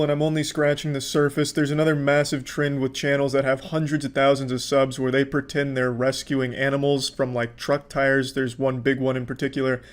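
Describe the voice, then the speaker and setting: A man giving casual online commentary in a deadpan, flat way, blunt and crude. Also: mid-range voice. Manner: deadpan, flat-affect delivery.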